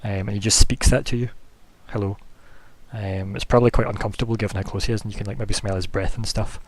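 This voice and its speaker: A man's voice: on the low side, fairly even intonation, very fast. A man narrating as game master, describing scenes loosely with many fillers.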